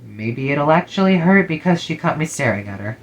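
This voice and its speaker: A man's voice: on the high side, sing-song, fairly quick, lo-fi sound. A man reading a first-person story in a casual, sarcastic way, swearing freely. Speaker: narrator.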